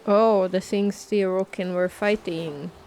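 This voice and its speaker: A woman's voice: medium pitch, fairly even intonation, measured pace, darkish tone, slight background noise. A woman playing a game in a let's play, chatty, asking questions and joking as she goes. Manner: chatty, asks questions, jokes while playing. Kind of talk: casual gaming chat.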